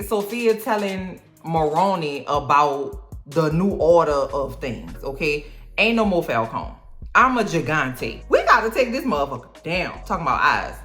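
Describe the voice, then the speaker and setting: Sassy woman recapping a show, lively sing-song delivery, lower-pitched, echoey room, faint music. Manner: slangy, sassy, peppered with "okay?". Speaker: TV recap vlogger. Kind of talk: casual episode recap.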